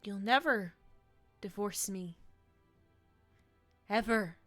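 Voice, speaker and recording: A woman streaming and chatting with viewers in a bright, sharp voice that leaps between loud mock outrage and low grumbles. She talks slowly and is recorded dry and close, with faint music behind her. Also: dry recording. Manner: playfully indignant, swinging from loud exclamations to mock-grumpy mutters. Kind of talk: casual live-stream chat.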